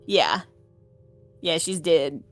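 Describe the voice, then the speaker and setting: A woman running a tabletop game as dungeon master, apologetic and quick to swear and laugh, with faint music behind. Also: low voice.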